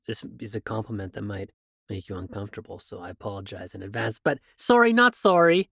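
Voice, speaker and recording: A man's voice: lowish voice, level tone, quick pace, vocal fry, husky, dry recording, studio quality. A man hosting a podcast who works in voiceover, talking earnestly and joking while praising his guest. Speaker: podcast host, voice actor. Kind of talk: casual interview chat.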